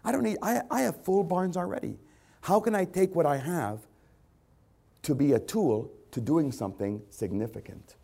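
A man voicing a self-absorbed rich farmer who gloats over plans for bigger barns, in an excited, self-satisfied way. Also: fairly high pitch, normal speed, creaky, pitched above the performer's own voice. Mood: smug, excited.

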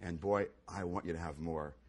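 A pastor preaching a sermon, swinging between loud exclamations and hushed near-whispers and repeating key phrases for emphasis. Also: male voice, low voice, fairly even intonation, normal speed, husky.

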